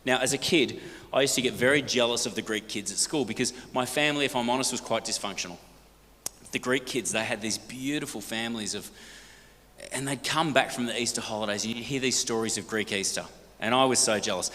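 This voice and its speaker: A middle-aged Australian man telling lively, jokey stories to a church audience and asking them questions. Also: mid-range voice, a little fast. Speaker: guest speaker. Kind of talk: storytelling talk to a church congregation. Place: large church hall. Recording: church hall reverb.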